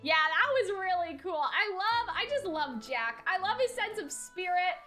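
A young adult woman streamer, gushing and excitable, reacting to a game. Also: very high voice, moderate pace, faint music behind. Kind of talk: reacting to a game while reading lines aloud.

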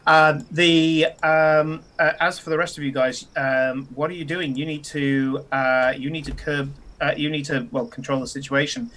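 A man, narrating a tabletop game as game master, halting with many fillers and chuckles. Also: a little high, level tone, fairly bright tone.

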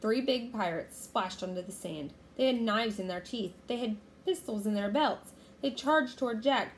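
A woman reading a children's storybook aloud with steady, expressive narration. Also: on the high side, normal speed, slight background noise. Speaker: reader.

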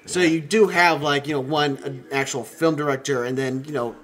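A man's voice: a little high, steady tone, moderate pace, a bit bright. Chatty young man riffing on a film. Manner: chatty, laughs often, rambling asides. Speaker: film commentator. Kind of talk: casual commentary track.

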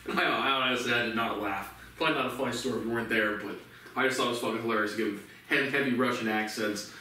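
A man's voice: mid-range voice, steady tone, very fast, pushed and bright. Sarcastic swearing man in echoey room. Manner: profane, sarcastic, chuckling. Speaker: vlogger. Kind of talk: casual rambling monologue. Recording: very echoey room, distant mic.

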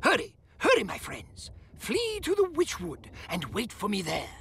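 A man's voice: high-pitched, wildly swooping pitch, a little slow, creaky, a bit bright, slight background noise, voice pushed up, full character voice. A man voicing a flustered, kindly old male wizard with fussy, old-fashioned exclamations in a storybook game. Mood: urgent.

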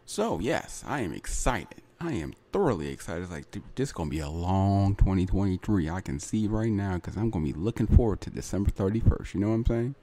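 Guy doing a solo podcast ramble, lowish mellow voice, real lively up and down, keeps saying right? and you know. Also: brisk, few pauses. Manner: chatty and repetitive, tosses in "right?" and "you know". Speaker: podcast host. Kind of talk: casual solo podcast monologue.

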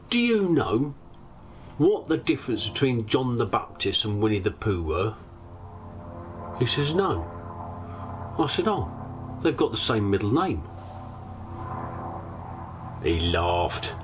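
A man's voice: medium pitch, a little hiss or hum. A middle-aged man vlogging about life on a narrowboat, telling rambling anecdotes and acting out other people's lines. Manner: chatty, rambling, acts out quoted voices. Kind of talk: casual storytelling monologue.

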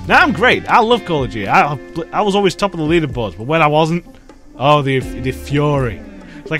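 A man's voice: fairly high pitch, animated, fairly quick, fairly bright tone, faint music behind. Exasperated man ranting at a game. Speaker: let's play gamer. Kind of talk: casual gameplay commentary.

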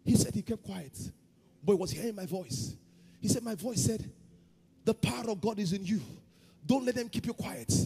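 A man preaching a sermon as pastor, shifting between loud chanted prayer and quiet storytelling. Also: high-pitched, moderate pace, vocal fry, slightly rough, long reverb tail. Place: church hall.

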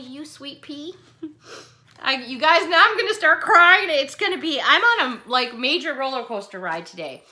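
A middle-aged woman YouTube vlogger chats casually while showing her mail to viewers, gushing thanks for their cards between bursts of frustration. Her voice is fairly high, pushed, and bright.

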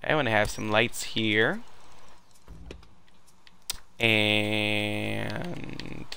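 A man chats through a game in loose commentary, cracking jokes and swearing in offhand asides. His voice is mid-pitched with a gravelly, fry-laced texture. A faint noise sits behind him. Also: expressive, unhurried, pushed and bright. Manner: joking, profane asides. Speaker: gameplay commentator. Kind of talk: casual gameplay commentary.

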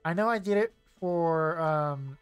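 Soft background music plays under a young gaming streamer who talks casually through his let's-play, rambling and correcting himself, full of fillers. His fairly high voice is clear and resonant at a measured pace, with no room sound.

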